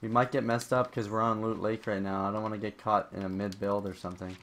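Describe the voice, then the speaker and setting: A man's voice: fairly low pitch, level tone, quick pace, fairly bright tone, a little hiss or hum. Young man chatting over gameplay. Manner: chatty, addresses viewers as guys. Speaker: gaming channel host. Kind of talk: casual gameplay commentary.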